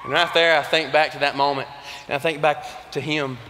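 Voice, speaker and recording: A man's voice: on the high side, fairly even intonation, brisk, over loud music. A young man with an Alabama Southern accent giving a motivational speech in a large arena, telling stories in a folksy, earnest way. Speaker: youth organization officer. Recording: reverberant arena sound.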